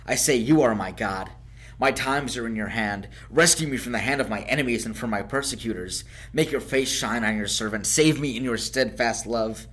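A man reading psalms aloud in a measured, solemn way, rising on the lines of praise. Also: medium pitch, a bit bright. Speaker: scripture reader. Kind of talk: scripted scripture reading.

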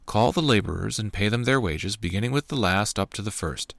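A man's voice: on the low side, lively intonation, brisk, creaky, fairly bright tone, dry recording, studio quality. A man voicing a firm, matter-of-fact male vineyard owner.

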